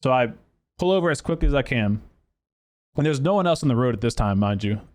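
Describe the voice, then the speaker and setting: A man's voice: mid-range voice, fast talker. Profane storytelling podcast host man. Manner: profane, animated storytelling with acted quotes; lots of fillers and restarts. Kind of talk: casual storytelling.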